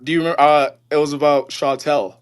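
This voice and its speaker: A man's voice: a little high, flat delivery, quick pace, smooth. A man calling in to a live stream, speaking earnestly with many restarts and retelling a story in quoted dialogue. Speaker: caller. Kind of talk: casual call-in chat.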